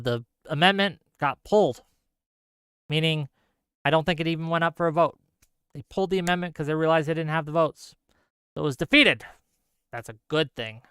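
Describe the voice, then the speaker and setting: A man's voice: fairly high pitch, clean tone, dry recording, clean studio sound. A man hosting a solo livestream, ranting heatedly about news and reading viewer chat aloud. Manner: reads chat comments aloud. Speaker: host.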